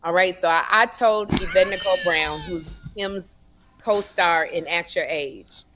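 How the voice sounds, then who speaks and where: A woman co-hosting a comedy podcast, telling stories in a sassy, animated way and acting out voices. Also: fairly low pitch, measured pace, noisy background. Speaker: podcast co-host. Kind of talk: casual comedic storytelling.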